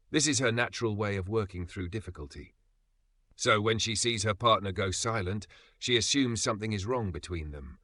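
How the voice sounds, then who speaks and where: A man reads self-help narration in a low voice with a bright, forceful edge. He explains each point in a steady, even way. The recording is dry and close, with no room sound. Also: no room sound. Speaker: audiobook narrator.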